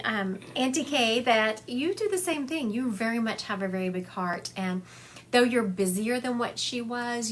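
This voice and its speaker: A woman's voice: medium pitch, a bit bright, slight background noise. A woman, a psychic medium giving readings to viewers on a livestream from her home, chatty and affectionate, calling people honey and laughing often. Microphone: phone livestream.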